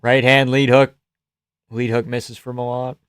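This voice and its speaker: Casually reacting live to a fight on a stream, a man calls the action with profane jokes and frequent laughter, shouting loudly at big shots. His middle-pitched, clean voice has a flat delivery and a slightly slow pace. The recording is dry and close, with almost no room around it.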